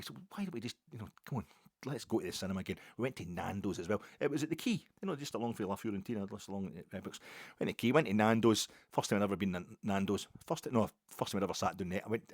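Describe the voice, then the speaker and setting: Glaswegian man, rapid rambling anecdotes, husky low voice, dry close sound. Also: no room sound. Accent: Glaswegian Scottish. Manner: rambling, self-mocking anecdotes. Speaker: football podcast host. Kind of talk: casual monologue.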